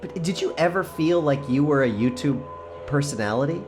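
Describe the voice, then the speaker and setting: A middle-aged man co-hosts a podcast in loose, casual chat, telling animated stories full of asides. His voice sits a little high. Faint music plays underneath. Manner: animated, storytelling with quick asides and laughs. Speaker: podcast co-host.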